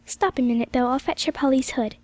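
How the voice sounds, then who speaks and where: A soft-hearted, motherly village woman , voiced by a woman reader, full of sighing exclamations. The voice sits high and the recording is dry and close. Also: brisk, no echo. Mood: practical.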